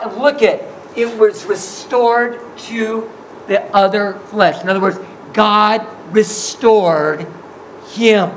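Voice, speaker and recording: A preacher in the middle of a sermon, retelling scripture in loose, slangy everyday talk and slipping into the voices of the people in the story. The voice sits at an ordinary middle pitch, with a faint hiss of noise behind it. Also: poor audio. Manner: casual, slangy storytelling that acts out the scripture scenes.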